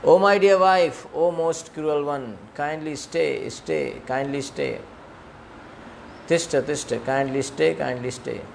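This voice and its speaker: A man's voice: a little high, takes it slowly, gravelly, slight background noise. A man reading the lines of a devoted king who begs his wife to stay, repeating his pleas. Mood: pleading. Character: pleading ancient king, grown man, devoted.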